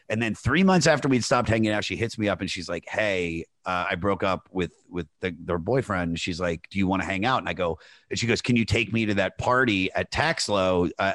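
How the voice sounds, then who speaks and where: A man's voice: lowish voice, fairly bright tone, no room sound. A man telling a long story in casual podcast chat, rambling with many fillers. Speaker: podcast guest.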